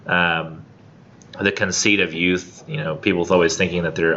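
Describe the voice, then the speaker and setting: A man's voice: sits low, little pitch movement, moderate pace, pushed and bright, muffled recording, a little hiss or hum. A man in his thirties teaching a college literature class, reading a poem aloud and then explaining it in a chatty, joking way with lots of "like" and "um". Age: 30s. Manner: casual, chatty, frequent "like" and "um", jokey paraphrase. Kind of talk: classroom lecture with poetry reading.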